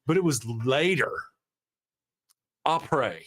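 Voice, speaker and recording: A man with a Southern US accent hosting a casual morning talk show, telling stories in an animated, self-mocking way with frequent laughter. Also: medium pitch, takes it slowly. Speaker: show host.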